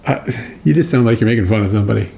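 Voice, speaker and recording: Gravelly man commenting on a livestream. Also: on the low side, dark tone. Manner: halting, thinks aloud with "uh" and repeats. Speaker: livestream co-host watching old footage.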